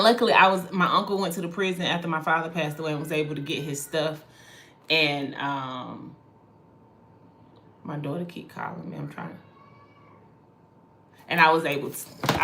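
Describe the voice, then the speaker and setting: A woman's voice: lowish voice, a bit bright, a little hiss or hum. A woman in her forties hosting a casual livestream as a spiritual reader, candid, swearing freely and drifting into tangents.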